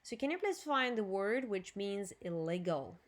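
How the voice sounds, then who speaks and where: A woman with a Ukrainian accent teaching an English lesson on video, drilling new words slowly and clearly and adding Russian explanations. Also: mid-range voice, big pitch swings.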